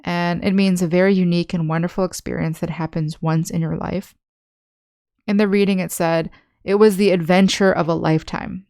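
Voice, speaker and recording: A young woman walks learners through vocabulary, one example at a time. Her voice sits a little low, smooth and resonant, with a touch of fry. The sound is close and dry, with no room around it. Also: steady tone, darkish tone, dry recording. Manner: patient, explains slowly with examples. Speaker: English teacher. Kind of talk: online language lesson.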